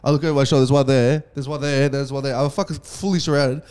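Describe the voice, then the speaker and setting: Fast-talking young man spinning a story. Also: mid-range voice, steady tone, a little mellow, smooth. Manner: fast, swearing, acts out dialogue. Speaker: podcast host telling a story. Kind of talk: casual storytelling chat.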